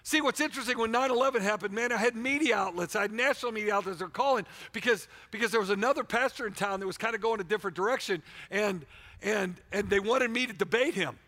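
Talking fast in a high, sharp-toned voice, a man preaches with fervor as pastor inside a church sanctuary. He often restarts his sentences and names listeners in the room.

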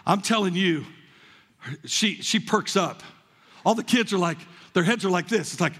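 A man preaching a lively sermon, telling stories and acting them out, often repeating words as he goes. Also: high-pitched, moderate pace, husky. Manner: animated storytelling, repeats words, acts out with congregation. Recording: long hall reverb, large room.

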